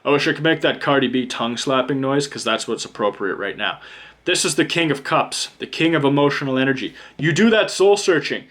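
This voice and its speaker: A man's voice: medium pitch, brisk, fairly bright tone, slight background noise. A man giving a pick-a-card tarot reading, joking, sarcastic and talking straight to the viewer with playful outbursts. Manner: swears casually and addresses the viewer directly. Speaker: tarot reader.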